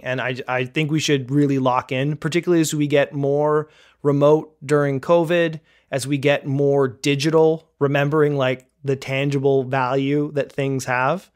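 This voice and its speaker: A young man from Canada co-hosting a tech podcast, chatty and joking, poking fun at himself. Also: fairly high pitch. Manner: chatty, joking, self-deprecating. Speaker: podcast co-host. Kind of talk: casual podcast chat.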